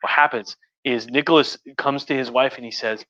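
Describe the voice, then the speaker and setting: A man's voice: mid-range voice, moderate pace, hardly any pauses, pushed and bright, dry recording. A tipsy man hosting a casual history livestream from home, crude and profane, rambling with restarts. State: tipsy from wine. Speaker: host. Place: home room. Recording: dull, muffled audio.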